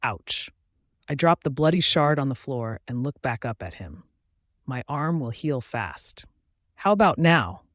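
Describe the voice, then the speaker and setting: A man narrating a first-person romance audiobook in a steady, even reading on a close microphone. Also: mid-range voice, a little slow, dry recording.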